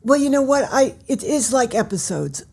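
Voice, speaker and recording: An older woman, an author, chatting as a guest in an interview and telling her stories in an animated, theatrical way. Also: sits high, normal speed, breathy edge. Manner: animated storyteller who acts out scenes. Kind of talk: casual interview chat.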